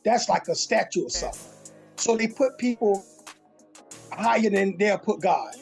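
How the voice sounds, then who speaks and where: A woman's voice: mid-range voice, normal speed, gravelly, a little mellow, faint music behind. A woman giving blunt, outspoken opinions in casual talk on a podcast panel. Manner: blunt, outspoken, informal speech.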